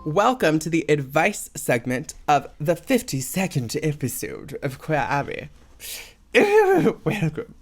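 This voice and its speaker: A man's voice: a little high, lively intonation, measured pace, few pauses, faint music behind. A young man hosting a podcast on his own, talking in a rambling, casual way with lots of "like" and "um". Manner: chatty, rambling, many "like" and "um" fillers. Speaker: podcast host. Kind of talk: casual solo podcast chat.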